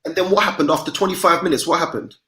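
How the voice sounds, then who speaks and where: A man's voice: a little high, racing, sharp tone. A man hosting a casual football podcast over a video call, reading out comments and teasing his co-hosts. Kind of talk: casual banter.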